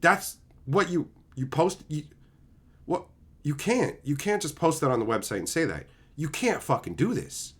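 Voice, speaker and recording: A man's voice: a little high, sing-song, moderate pace, fairly bright tone. A man streaming live, ranting with exasperated, profane mockery while reading chat.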